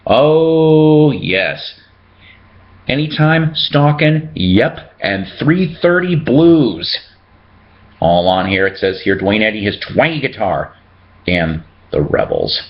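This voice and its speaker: Brief: jokey male record collector, lowish voice that swings up and down a lot, muffled lo-fi sound. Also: lively intonation, takes it slowly. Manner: chatty, jokey, reads out record labels. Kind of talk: casual show-and-tell vlog.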